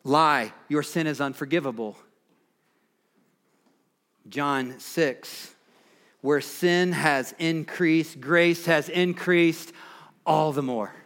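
A man's voice: fairly high pitch, very slow, long pauses, fairly bright tone. A man preaching a sermon as pastor, building with passion and emphasis on key phrases.

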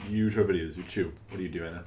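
A young man co-hosting a casual chat podcast, jokey and quick with teasing asides. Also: deep voice, fairly even intonation, warm tone, a little hiss or hum. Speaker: podcast co-host.

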